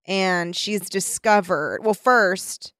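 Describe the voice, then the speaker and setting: A woman's voice: medium pitch, takes it slowly, fairly bright tone, no room sound, studio quality. Giggly chatty woman co-host. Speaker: podcast co-host. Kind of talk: casual chat.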